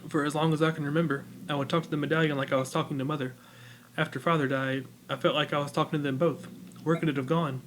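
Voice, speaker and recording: A man reading a gentle, anxious young girl. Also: fairly high pitch, fairly even intonation, fast, a little hiss or hum, natural voice. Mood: soft, anxious.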